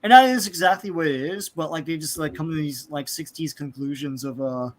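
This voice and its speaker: A man's voice: a little high, a little fast, slight background noise. A man casually recapping an old comic book story with plenty of fillers, now and then acting out the characters' lines. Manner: rambling, many fillers, acts out characters' lines. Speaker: podcast host.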